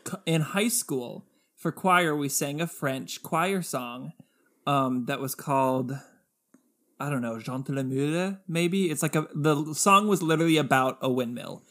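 A man's voice: a little high, measured pace, fairly bright tone. A man co-hosting a podcast in casual chat, giggly and jokey, laughing often. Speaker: podcast co-host.

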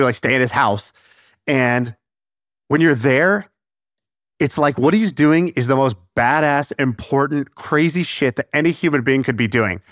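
Animated man telling stories, dry sound. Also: medium pitch, no echo. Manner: animated, profane storyteller with many fillers. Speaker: podcast host. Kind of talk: casual storytelling chat.

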